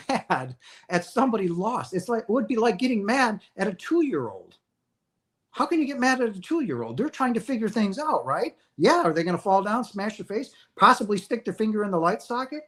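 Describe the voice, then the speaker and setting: Guy livestreaming, kinda high voice, talks animated and keeps saying right. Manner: animated, emphatic, repeats "right?" often. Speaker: livestream host sharing near-death experience views. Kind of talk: casual livestream talk to viewers. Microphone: streaming setup mic.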